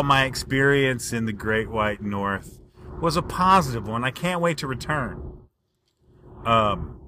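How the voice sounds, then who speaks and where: A man delivers a rambling comic monologue on his podcast. His voice is bright and forceful and sits at a middle pitch. It leaps up and swings loud and soft as he gets worked up. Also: a little hiss or hum. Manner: animated storytelling with big pitch jumps and volume swings. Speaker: podcast host. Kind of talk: comedic monologue.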